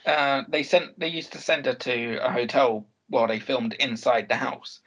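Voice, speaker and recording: A man with a mid-pitched voice co-hosts a podcast, telling stories in a relaxed, easygoing way. The recording sounds dull and a little lo-fi. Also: moderate pace. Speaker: podcast co-host. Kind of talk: casual chat.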